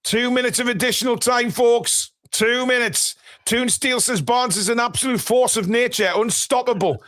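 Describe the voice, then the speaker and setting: A man with a notably high voice commentates a live match for fans. He is excitable, bursting into shouts and swearing at every twist of the game. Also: moderate pace. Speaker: fan channel host. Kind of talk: live football watchalong commentary.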